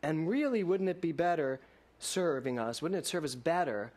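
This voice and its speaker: A male minister giving a sermon in a lively storytelling way, mixing laughter and rhetorical questions for his congregation. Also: on the high side, moderate pace.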